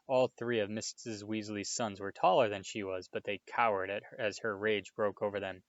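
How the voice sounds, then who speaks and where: Male reader, steady storybook narration, low pitch, dull sound. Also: moderate pace, few pauses, no room sound. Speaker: audiobook reader.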